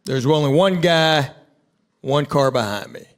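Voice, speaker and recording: A middle-aged man from Tennessee with a Southern accent, doing stand-up crowd work in a laid-back drawl with dry, deadpan asides. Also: fairly high pitch, unhurried. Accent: Southern American. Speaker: stand-up comedian. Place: theater stage before a laughing audience. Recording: roomy hall with loud crowd noise.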